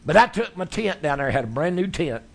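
A man preaching a sermon, telling his stories in a folksy, animated way. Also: fairly high pitch, brisk, vocal fry. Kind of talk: sermon storytelling.

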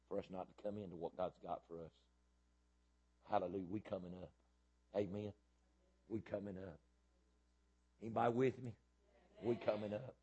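A middle-aged man preaching a sermon as pastor, emphatic and repetitive, swinging from loud bursts to quieter stretches. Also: lowish voice, breathy edge, lo-fi sound.

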